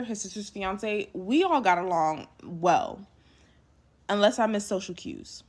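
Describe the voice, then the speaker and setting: A young woman talking straight to her audience in a casual storytime. Her delivery is emphatic and lively, with quick asides to her viewers, at a medium pitch for a woman. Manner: emphatic, animated retelling with acted quotes and asides to viewers. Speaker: storyteller recounting a past relationship.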